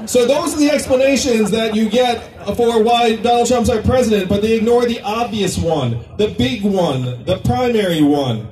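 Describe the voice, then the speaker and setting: Candidate at a rally: a man with a high voice, chatty and joking with the crowd, caught from a distant mic. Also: a little slow, echoey room. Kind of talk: campaign rally speech. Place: political rally venue.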